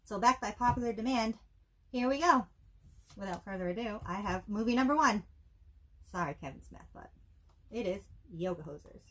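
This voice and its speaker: A woman's voice: medium pitch, expressive, normal speed, pauses often, a bit bright. A woman co-hosting a casual movie review show, with wry, dry joking asides. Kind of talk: casual chat.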